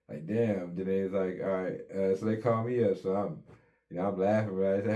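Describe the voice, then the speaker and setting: His voice deep and mellow, his intonation fairly even and his pace quick, a guest narrates his life in a casual interview. Swearing often in easygoing street slang, he acts out quotes along the way.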